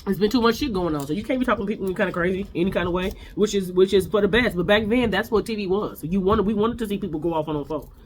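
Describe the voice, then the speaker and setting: A woman's voice: medium pitch, racing, few pauses. A woman dishes on reality TV in a casual, candid recap. She's blunt and sassy, stumbles and restarts as she talks, and her voice sits in a middle range. There's a faint hiss of noise behind her.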